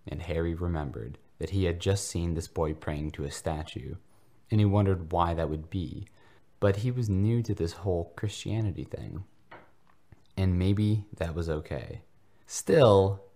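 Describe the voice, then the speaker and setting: Deep voiced guy reading fanfic out loud, deadpan mock-serious narration. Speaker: podcast host reading fanfiction. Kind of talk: mock-earnest comedic narration.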